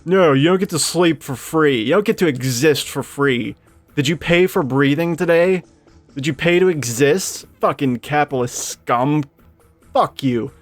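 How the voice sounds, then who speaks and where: A man putting on a loud mocking voice for a greedy male innkeeper in a game. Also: a little high, measured pace, dry recording, soft background music.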